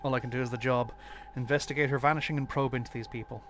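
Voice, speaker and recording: A man live-streaming a detective game, reading its lines aloud in an even, mid-pitched voice and thinking aloud as he goes. Faint background noise stays under his voice throughout. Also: fast. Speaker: streamer playing a mystery game.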